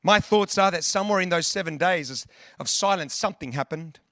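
A man's voice: sits high, brisk, fairly bright tone, dry recording, clean studio sound. A male preacher giving a sermon in an earnest, conversational way, building long lists and sometimes restarting his sentences.

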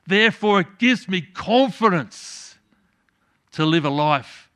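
A middle-aged man preaching a sermon, swinging from loud emphatic peaks to soft hushed endings. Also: sits high, expressive, slow, clear, resonant tone. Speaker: pastor.

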